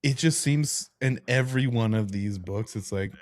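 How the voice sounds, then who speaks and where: A middle-aged man co-hosting a podcast, talking casually about a book. He is frank and jokey, and his voice shoots up high when he sounds incredulous. His pitch sits in the middle for a man. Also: normal speed. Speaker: podcast co-host. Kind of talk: casual book club chat.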